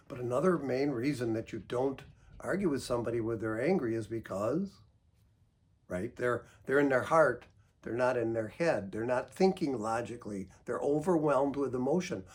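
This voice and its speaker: A man counselor calmly giving advice, patient and gentle, explaining through examples. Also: medium pitch, slightly rough. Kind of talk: calm instructional talk.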